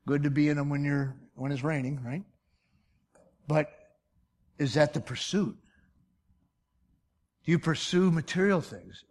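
Pastor in his 50s preaching, kinda high voice, folksy, keeps asking the crowd questions. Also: measured pace, pauses often, a little mellow. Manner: emphatic, asks rhetorical questions, folksy. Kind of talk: sermon.

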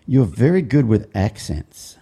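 A man's voice: medium pitch, big pitch swings, a little slow, gravelly, dark tone, husky. A man hosting a podcast, joking and giggling as he asks his guest questions. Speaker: podcast host. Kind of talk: casual interview chat.

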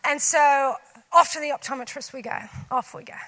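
A woman preaching a sermon, telling a personal story and acting out her own lines with lively voices. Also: sits high, moderate pace.

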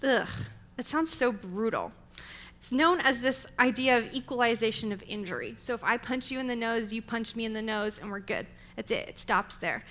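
A woman's voice: on the high side, bright, forceful tone. A young adult woman giving a sermon in a conversational, storytelling way. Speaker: preacher.

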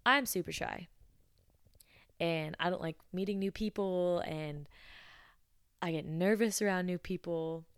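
A woman in her twenties hosting a podcast, telling funny stories from her coffee shop job in a casual, animated way and acting out the dialogue. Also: lowish voice, dry recording, clean studio sound. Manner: animated, breathy laughs, acts out dialogue. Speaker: podcast host. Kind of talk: casual storytelling.

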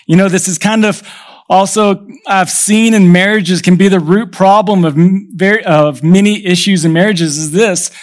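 A man in his thirties preaching a sermon as pastor, telling stories conversationally and acting out the voices of people in them. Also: high voice. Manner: conversational storytelling, acts out quoted voices.

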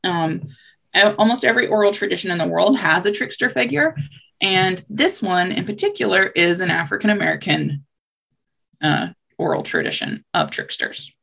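A woman's voice: on the low side, normal speed, vocal fry, pushed and bright. A young adult woman hosting a podcast, telling a folktale in a casual, chatty way with wry asides. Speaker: podcast host. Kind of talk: casual storytelling chat.

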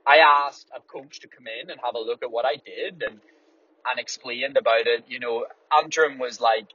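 A man's voice: mid-range voice, normal speed, pushed and bright, breathy edge. A man, a runner, talking candidly in a casual rambling monologue while driving a small car, swearing freely. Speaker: distance runner and podcast host. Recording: dull audio, faint road noise.

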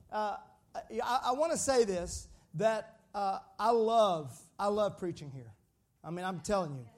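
Lively preaching man with a twang. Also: sits high. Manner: lively, joking with the congregation, calls for responses. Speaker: pastor. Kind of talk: sermon.

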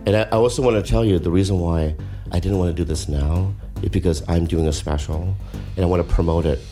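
A comedian telling casual, profane stories on a podcast, acting out quotes of others. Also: male voice, low voice, quick pace, over music. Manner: animated, profane, acts out quotes.

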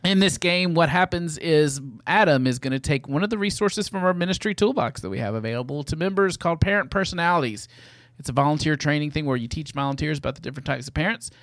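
A man's voice: a little high, a bit bright, no echo, clean studio sound. A man hosting a casual podcast, upbeat and playful, laughing often as he explains a game. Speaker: podcast host.

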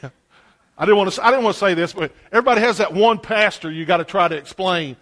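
Delivering a sermon quickly, a man with a high-pitched voice moves through his story in animated waves. Quiet asides give way to booming exclamations.

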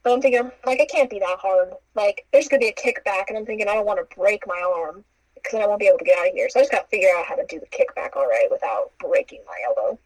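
A woman's voice: mid-range voice, fast talker, no room sound, rough recording. A young woman casually recounting a story, acting out the quoted lines with playful asides. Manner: animated, acts out quotes with playful asides and laughs.

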